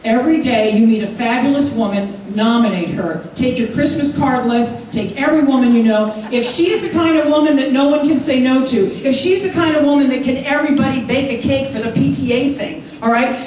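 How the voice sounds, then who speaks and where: A woman in her fifties giving an energetic, joking conference speech, rousing the crowd with call-and-response. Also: high-pitched, brisk, hardly any pauses, a little hiss or hum. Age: 50s. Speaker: conference speaker. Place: large conference hall. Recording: echoey hall from far off, faint crowd.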